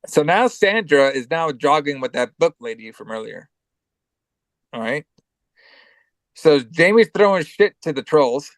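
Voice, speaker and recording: A man with a cold gives a rambling, profane play-by-play of a film. His voice sits a bit high, and the recording is dry and close. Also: expressive, measured pace, long pauses, no room sound. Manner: loose, profane play-by-play with many fillers. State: has a cold. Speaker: podcast co-host. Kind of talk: casual movie recap.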